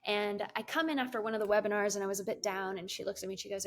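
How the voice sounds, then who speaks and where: A woman's voice: mid-range voice, fairly even intonation, rapid-fire, hardly any pauses. Woman, middle-aged interview guest; chatty, giggly storyteller, mid-range voice. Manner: giggly, laughs often, lots of fillers. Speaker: guest, business coach and CEO.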